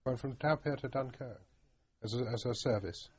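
A man's voice: medium pitch, fairly quick, breathy edge. A man conducting an oral history interview, asking probing questions with stumbling restarts. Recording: dull lo-fi recording.

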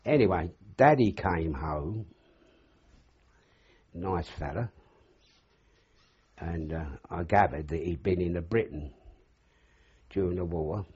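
Husky older man rambling through old yarns. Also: low voice, takes it slowly, long pauses, darkish tone. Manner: rambling anecdotal storyteller, acts out dialogue. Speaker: interviewee. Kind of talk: oral history reminiscence. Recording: dull lo-fi recording.

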